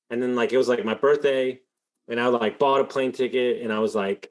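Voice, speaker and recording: A man hosting a podcast, telling a story in a rambling, animated way, full of fillers and swearing. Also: mid-range voice, quick pace. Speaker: podcast host. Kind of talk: casual storytelling in an interview.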